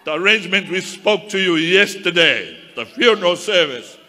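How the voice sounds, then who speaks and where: A man's voice: high-pitched, animated, normal speed, bright, forceful tone. A man, a minister, giving a fervent testimony sermon to his congregation. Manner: fervent preaching, addresses the congregation as saints. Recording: long hall reverb with faint crowd.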